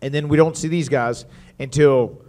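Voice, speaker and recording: A man's voice: a little high, normal speed. A man telling wrestling stories at a live stage show, acting out what other people said. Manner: animated storyteller acting out others' lines.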